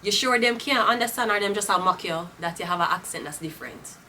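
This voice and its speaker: Blunt Jamaican woman with a bright, sharp voice. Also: mid-range voice, fast talker, a little hiss or hum. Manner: blunt, profane, slipping into patois. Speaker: tarot reader. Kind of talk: casual tarot reading to camera. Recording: voice a bit off-mic.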